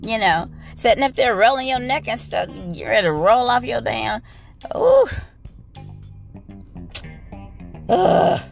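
A woman's voice: fairly high pitch, normal speed, gravelly, faint music behind. A woman nurse telling a work story as a blunt, profane and exasperated rant.

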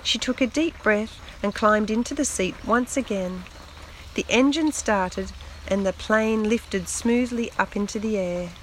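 Woman reading a kids story really slowly, bit high voice, soft rain on the roof behind. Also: a little hiss or hum, rough recording. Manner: slow, gentle, expressive read-aloud.

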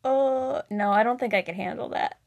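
A woman's voice: fairly high pitch, moderate pace. A young woman co-hosting a casual chat, chiming in and sharing her own story. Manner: lively, reacts and chimes in, laughs. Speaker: podcast co-host.

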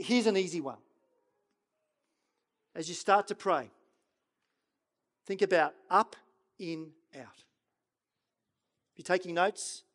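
High-voiced pastor preaching with swelling intensity. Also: male voice. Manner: swings between loud urging and hushed, slow prayerful quoting. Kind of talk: sermon.

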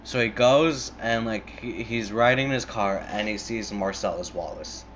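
A man's voice: on the low side, normal speed, a bit bright, dull audio, a little hiss or hum. A young man casually retelling a film, rambling with constant swearing, fillers and restarts.

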